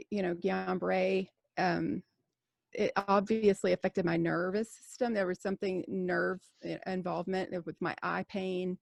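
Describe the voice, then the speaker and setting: A woman's voice: mid-range voice, gravelly, no echo. A woman in her forties, a nurse co-hosting a podcast, telling a story in candid, rambling casual chat full of fillers and restarts. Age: 40s.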